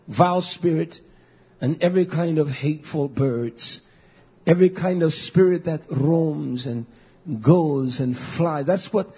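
A man preaching a fiery sermon as pastor, swinging from shouted peaks to low murmured asides, with many "uh" fillers. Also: measured pace, slightly rough, dull audio.

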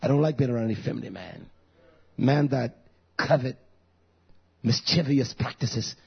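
Husky fiery preacher in his fifties. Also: medium pitch, normal speed. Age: 50s. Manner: fiery preaching, shouting outbursts. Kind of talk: sermon. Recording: dull lo-fi recording.

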